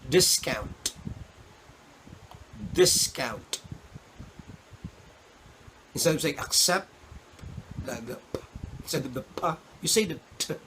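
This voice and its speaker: A Filipino-accented man gives a recorded college lecture in a fairly high voice. He keeps checking in with "okay?" and slowly models word sounds for his students. Faint hiss sits under his voice. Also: fairly bright tone, low-quality recording. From Philippines. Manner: repeats "okay?", demonstrates pronunciations. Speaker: college English instructor.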